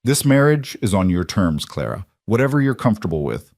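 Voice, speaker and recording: A man doing a gentle, steady rancher. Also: on the low side, brisk, dry recording, studio quality.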